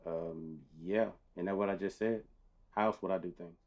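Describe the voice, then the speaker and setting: A man's voice: sits low, steady tone, normal speed, darkish tone, dull audio, close to an everyday voice. A man playing a laid-back, blunt male guard who talks in a casual drawl.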